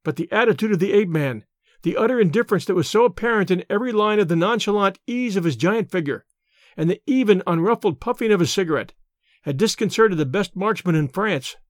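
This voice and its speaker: High-voiced male audiobook narrator. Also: fast, no echo, clean studio sound. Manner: steady, clear storytelling delivery. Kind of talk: scripted narration.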